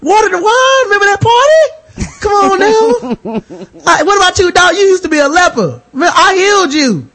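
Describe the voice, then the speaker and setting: A man's voice: very high-pitched, very animated, moderate pace, sharp tone, pitched above the performer's own voice, full character voice. A man doing a whiny, pleading Jesus. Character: exasperated Jesus, pleading with ungrateful followers.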